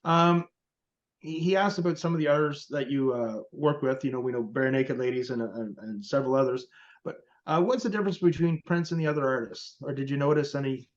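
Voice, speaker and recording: Fast-talking male host, lo-fi audio. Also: medium pitch. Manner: halting, many fillers. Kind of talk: interview questions. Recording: dull lo-fi audio.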